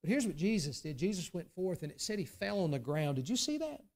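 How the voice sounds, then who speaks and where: High-voiced Southern pastor preaching. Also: male voice, sing-song, a little fast. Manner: earnest preaching, swinging from soft low asides to raised emphatic bursts. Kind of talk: sermon. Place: church sanctuary.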